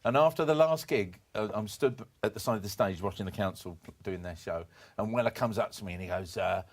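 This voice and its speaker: A man in his fifties telling stories on a podcast, animated, with many restarts and bursts of laughter. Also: lowish voice, a little fast. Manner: animated anecdote-telling, jumps into comic voices for quoted people. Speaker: podcast guest, former performance poet. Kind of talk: casual storytelling chat.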